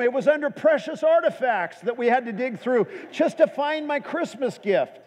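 A man's voice: extremely high pitch, a little fast, few pauses, darkish tone. A male pastor preaching a sermon, telling a humorous story before turning earnest. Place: church. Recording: echoey church hall.

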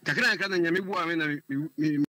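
Husky-voiced man telling his story. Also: fairly high pitch, sharp tone, no room sound. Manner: halting, repeats words while searching for them. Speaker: caller. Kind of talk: telling a personal story on a call-in show.

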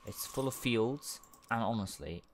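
A man's voice: mid-range voice, lively intonation, measured pace, a little hiss or hum. A man rambling through gaming commentary, laid-back and swearing often. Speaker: let's play gamer.

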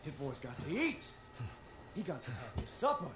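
An actor playing a menacing middle-aged backwoods patriarch in a horror game, with a growling, threatening drawl. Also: male voice, a little high, huge pitch swings, normal speed, echoey room.

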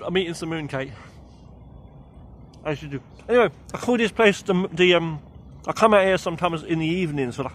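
A man's voice: on the high side, a little hiss or hum. A young man vlogging outdoors in a city garden in the evening, rambling in slang, swearing and joking as he films himself on a handheld camera. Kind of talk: casual walk-and-talk vlog.

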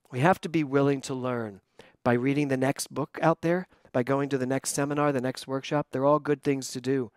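Older new guy preaching, acts out his stories, bit high voice, dry sound. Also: no room sound. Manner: animated storyteller, acts out quotes. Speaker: pastor. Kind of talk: sermon with personal story.

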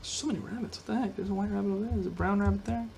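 Young guy w a high voice rambling over his game, goofy, keyboard clicks faint behind. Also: racing, creaky, darkish tone, a little hiss or hum. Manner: goofy, rambling, talks to himself and viewers. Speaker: gaming video host. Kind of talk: solo gameplay commentary.

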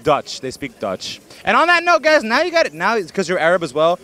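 A man's voice: sits high, huge pitch swings, bright, forceful tone. A man hosting a casual street interview outdoors in the city, playful and teasing as he quizzes passers-by. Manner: playful, teasing, switches languages quickly.

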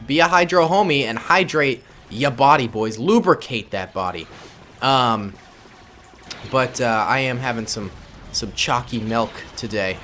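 Here the man, a gaming YouTuber, speaks a little slowly in a medium-pitched voice that comes across pushed and bright. He's hosting casual commentary on his own play, joking with viewers he calls "boys," with slight background noise present.

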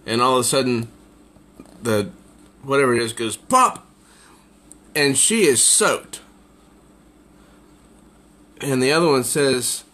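Slow, amused man reviewing comics. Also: mid-range voice, animated, pushed and bright. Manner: amused, easily tickled by the jokes. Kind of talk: casual comic review, summarizing pages.

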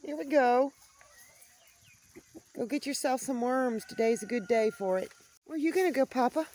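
A woman's voice: high voice, normal speed, a little mellow. Chatty woman vlogging from her homestead. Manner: chatty and rambling, thinking aloud. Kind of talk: casual vlog chat to camera. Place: small home at night, later outdoors in the yard.

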